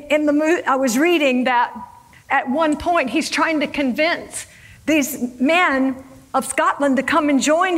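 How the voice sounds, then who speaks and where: A woman's voice: sits high, a bit bright, low-quality recording. A woman preaching a sermon, acting out scripture quotes with dramatic, rising emphasis.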